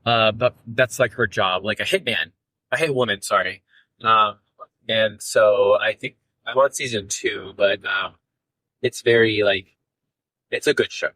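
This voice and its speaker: A man's voice: fairly low pitch, a little slow, pushed and bright, no echo, rough recording. A man co-hosting a podcast from a car, chatting casually and rambling with lots of fillers. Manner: rambling, filler-heavy, playful. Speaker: podcast co-host. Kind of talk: casual chat.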